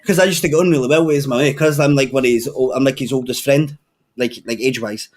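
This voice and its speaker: A man's voice: medium pitch, fairly even intonation, quick pace. A young Scottish man telling crude stories in a casual chat, swearing freely and laughing often. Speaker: podcast regular.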